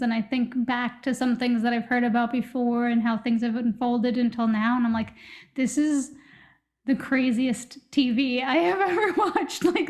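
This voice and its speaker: Rambling woman, fairly high voice. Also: a little mellow. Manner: musing, rambling, light laughs. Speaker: podcast co-host. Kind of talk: casual chat.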